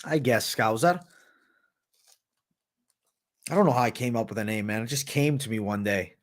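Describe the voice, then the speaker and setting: A man's voice: lowish voice, fast. A man hosting a livestream, chatting casually while answering viewer questions, laid-back and profane. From United States. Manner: laid-back, profane, says "bro" a lot. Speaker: livestream host.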